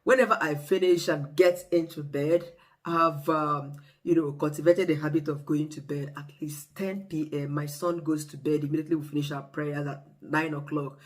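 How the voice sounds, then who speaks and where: Expressive Nigerian-accented vlogger. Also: mid-range voice. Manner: expressive, animated storyteller. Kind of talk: casual talk to camera.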